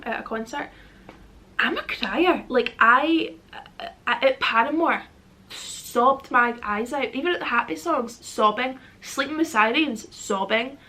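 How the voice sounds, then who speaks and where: A woman's voice: on the high side, fairly bright tone, slight background noise. Chatty Scottish woman in her twenties. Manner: chatty, rambling, self-deprecating, laughs often. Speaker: vlogger. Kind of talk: casual Q&A chat to camera.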